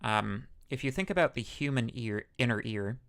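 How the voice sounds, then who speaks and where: With lively intonation, a mid-range, slightly bright voice and a normal pace, a man teaches a university class into a microphone. The style is relaxed, with fillers, self-corrections and occasional humor, including a joke about his radio-smooth tone.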